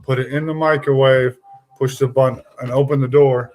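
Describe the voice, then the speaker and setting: A man's voice: mid-range voice, level tone, normal speed, a little mellow. A man hosting a casual live-stream podcast, talking in a rambling, emphatic way with jokes and mild swearing. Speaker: podcast host.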